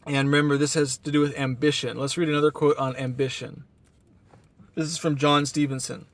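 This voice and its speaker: Earnest motivational man, slightly high voice. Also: flat delivery, a little fast. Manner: earnest, self-hyping, rambling with restarts. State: tired from no sleep. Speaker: motivational vlogger. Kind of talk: casual motivational monologue. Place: outdoors at a beach town. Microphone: camera mic.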